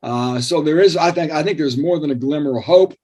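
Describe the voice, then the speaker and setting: Male sports writer, husky and a bit high-pitched, eager to cite records. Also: a little fast, mellow. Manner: rattles off stats and recent history with enthusiasm. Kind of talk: sports talk show discussion.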